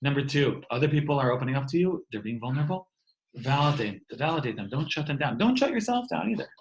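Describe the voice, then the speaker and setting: A man's voice: mid-range voice, sing-song, quick pace, slight background noise, rough recording. Earnest man giving an online talk. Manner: earnest, often repeats words. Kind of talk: warm inspirational talk to an online audience. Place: home, speaking over a video call. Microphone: video call.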